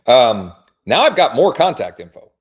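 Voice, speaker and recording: A man's voice: mid-range voice, sing-song, normal speed, slightly rough. A man who works as a real estate agent, running a live workshop and making friendly, informal phone calls to leads.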